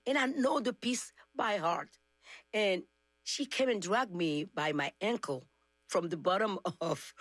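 Interview guest: woman, lively anecdote teller, dry close sound. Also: mid-range voice, dry recording. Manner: animated, acts out dialogue in her stories. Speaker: guest, singer. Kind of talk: conversational storytelling.

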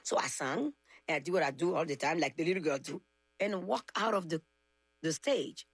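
Animated woman storyteller. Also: low voice, moderate pace, husky, dry recording. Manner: animated, acts out dialogue in her stories. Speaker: guest, singer. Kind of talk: conversational storytelling.

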